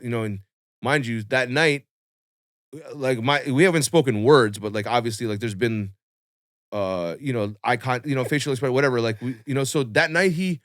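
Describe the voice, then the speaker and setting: A young man telling a long personal story on a podcast in a casual, animated way, full of swearing and fillers. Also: mid-range voice, moderate pace, no echo, clean studio sound. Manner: animated, swearing, lots of fillers, acts out quotes.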